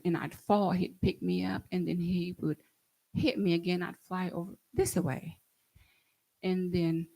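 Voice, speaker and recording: Woman, gravelly and husky, earnest and halting personal account. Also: lowish voice, darkish tone, rough recording. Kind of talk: recounting a personal story.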